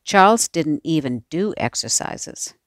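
A woman voicing a cheeky, boastful kindergarten boy who talks in an excited, taunting way. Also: low voice, unhurried, no echo, studio quality. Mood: scornful. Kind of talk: audiobook character voice.

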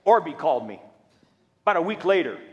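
A middle-aged man preaching a storytelling sermon, animated and humorous as he acts out quotes. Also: a little high, fairly quick, muffled recording. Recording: reverberant church hall.

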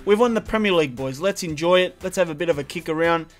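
A young man talks through a football video game match in casual, animated play-by-play. His voice sits a touch high, and he swings from low muttering to frustrated outbursts. Soft game music plays faintly underneath. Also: quick pace. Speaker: gaming video creator. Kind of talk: live football game commentary.

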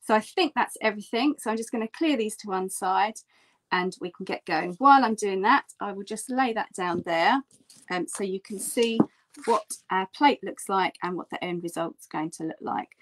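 Woman, mid pitch, friendly craft tutor, chatty and explaining step by step. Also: moderate pace. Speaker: print artist teaching a workshop.

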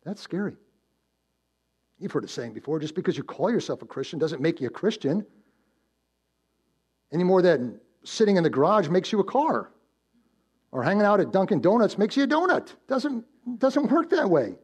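A man preaching a sermon as pastor, swinging between loud emphatic build-ups and hushed low warnings, telling stories and posing questions to the congregation. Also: very animated, normal speed, long pauses, slightly rough. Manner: storytelling with direct questions to the congregation. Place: church.

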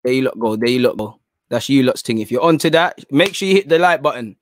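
A man hosting a live stream in casual chat. He is slangy and rambling, and he shifts between low mutters and excited outbursts. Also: quick pace.

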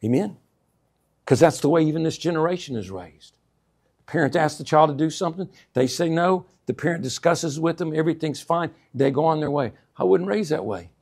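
Male pastor, higher-pitched voice, call-and-response sermon delivery with sudden loud emphasis. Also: lively intonation, a little fast, breathy edge. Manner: swings between hushed asides and loud emphatic bursts; call-and-response, repeats 'amen?' to the congregation.

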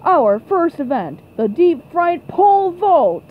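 A woman voicing an excitable male sports announcer in a cartoon fan dub. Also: extremely high pitch, slow pace, lo-fi sound, heavily acted. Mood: announcing. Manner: play-by-play commentary, exclamatory.

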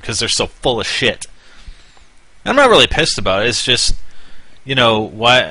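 A man's voice: lowish voice, pushed and bright, no echo. A man hosting casual gaming commentary, rambling and hyper, winding himself up into a half-joking rant. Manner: rambling, mock-ranting, wound up. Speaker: gaming channel host.

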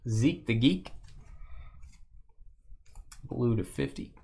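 A man hosting a live sports card break, teasing his co-host and loudly calling out the cards he pulls. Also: medium pitch, expressive, normal speed. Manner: jokey, teasing, loud when calling out big pulls.

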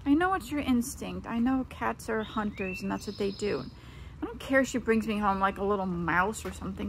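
A woman's voice: mid-range voice, brisk, creaky, slight background noise. A middle-aged woman vlogging casually outdoors in her backyard, chatting to viewers and calling to her cat. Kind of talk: casual vlog chat.

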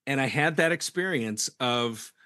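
A man hosting a podcast in casual chat, an animated storyteller who acts out the people in his stories. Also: mid-range voice, measured pace, no echo, clean studio sound. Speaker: podcast host.

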